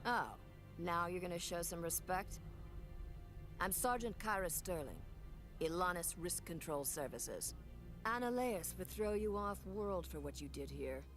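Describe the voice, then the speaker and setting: A woman's voice: fairly low pitch, lively intonation, a little slow, music in the background. A woman voicing a tough, hostile female security sergeant in a video game, speaking with contempt and menace.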